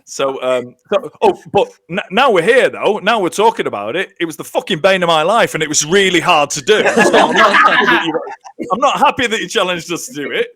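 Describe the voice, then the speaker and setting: A man chatting casually on a podcast as a lively storyteller who acts out the lines he quotes. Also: sits high, a little fast, no room sound. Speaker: contestant telling a story.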